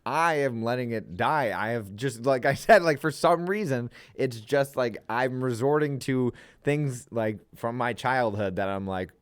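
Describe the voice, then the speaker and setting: A man's voice: medium pitch, unhurried, hardly any pauses, clean tone, dry recording, studio quality. A young man co-hosting a podcast, chatting casually in a rambling, profane way and laughing often. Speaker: podcast co-host. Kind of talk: casual chat.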